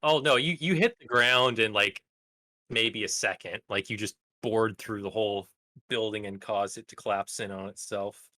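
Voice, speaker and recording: A man running a tabletop game, narrating scenes and laughing often. His voice is low-pitched but very bright and sharp. The sound is dry and close. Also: moderate pace, no room sound. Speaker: game master.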